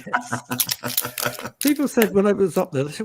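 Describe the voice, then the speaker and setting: A man's voice: high-pitched, measured pace, pauses often, a little hiss or hum. A middle-aged Englishman hosting a talk show, telling stories in casual chat and acting out the voices of people he quotes. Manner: animated storytelling with mimicked voices.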